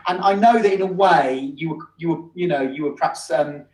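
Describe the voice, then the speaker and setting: Male host, effusive and friendly, a bit high-pitched, echoey sound. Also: fairly quick, recorded from a distance. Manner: warm, effusive praise, calls guest "mate". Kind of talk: casual interview chat.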